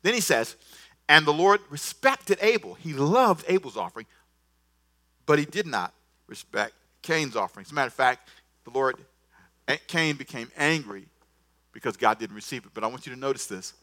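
A man preaching a sermon, swinging from soft asides to loud bursts and acting out the scripture dialogue. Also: medium pitch, animated, normal speed. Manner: repeats words, acts out scripture dialogue. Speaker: pastor.

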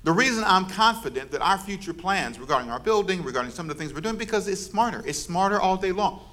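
A man's voice: high voice, animated, quick pace, sharp tone. A man preaching as pastor, leading his congregation in call and response and teasing them playfully. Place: church service before a congregation.

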